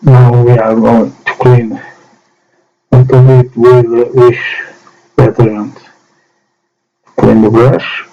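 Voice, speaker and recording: Halting slow man. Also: mid-range voice, little pitch movement. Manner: halting, short phrases with pauses. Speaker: miniature painting hobbyist. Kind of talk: slow hands-on painting demo. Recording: dull lo-fi sound with soft music.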